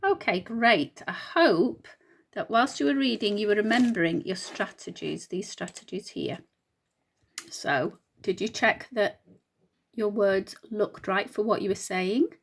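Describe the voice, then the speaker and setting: Female teacher reading a storybook to young pupils: husky, clear and encouraging, asks the kids questions. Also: medium pitch, a little slow. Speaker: primary school teacher. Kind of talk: recorded reading lesson for children.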